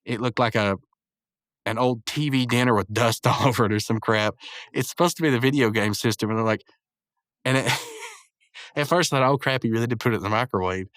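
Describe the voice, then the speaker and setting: A man's voice: medium pitch, brisk, pauses often, fairly bright tone, dry recording, clean studio sound. Laughing man rambling through a recap. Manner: laughs often while retelling; rambling, self-correcting. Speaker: show reviewer. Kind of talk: casual recap and review.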